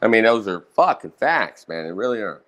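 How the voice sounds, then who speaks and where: A man's voice: fairly low pitch, big pitch swings, normal speed, a bit bright. A man telling roast-battle stories in a brash, profane, casual monologue. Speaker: streamer recounting roast battles.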